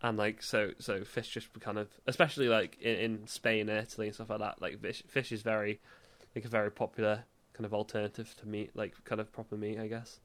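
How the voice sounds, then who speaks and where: A young man, co-hosting a podcast in casual chat, full of stammered restarts and quick laughs. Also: fairly low pitch, level tone, fairly bright tone. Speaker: podcast co-host.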